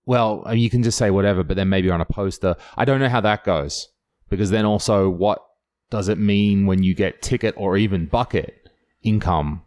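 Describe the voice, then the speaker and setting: An Australian man, a comedian, telling stories in casual chat, animated and sweary with frequent laughter. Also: lowish voice, normal speed.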